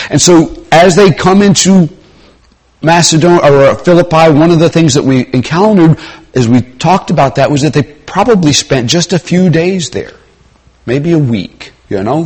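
Preaching in a conversational style, a middle-aged man with a slightly high voice swings between loud, emphatic moments and hushed asides.

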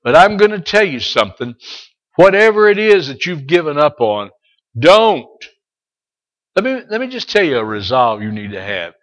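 Preaching a sermon to his congregation, a middle-aged pastor speaks in a voice a bit high for a man, with big pitch swings. He shifts from quiet, conversational asides to loud, drawn-out pleas not to give up, and at times addresses individual listeners by name.

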